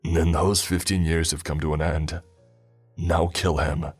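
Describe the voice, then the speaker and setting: A cruel, disembodied prophet, voiced by a man speaks in a cold, harsh, mocking tone with a garbled edge. The voice sits very low and heavy, with faint music beneath it in this spoken story. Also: level tone, a little slow, a little mellow, husky, exaggerated voice. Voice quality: garbled, distorted.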